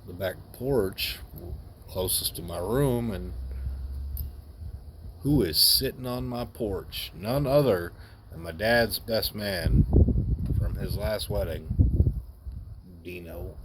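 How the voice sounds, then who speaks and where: A man telling a personal story in a candid, wry, unhurried way. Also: fairly low pitch, fairly bright tone, a little hiss or hum.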